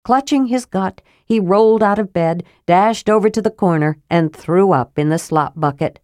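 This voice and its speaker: A woman narrating an audiobook in an even storytelling manner, close to the mic. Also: mid-range voice, moderate pace, no room sound. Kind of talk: scripted narration.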